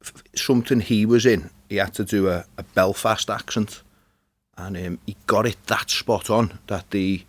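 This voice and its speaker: A man's voice: fairly low pitch, fairly even intonation, moderate pace, no room sound. A man with a Liverpool Scouse accent, talking casually as a podcast guest, laid-back and often trailing off. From Liverpool, England. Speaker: podcast guest, spoken word performer. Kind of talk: casual chat. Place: recording studio.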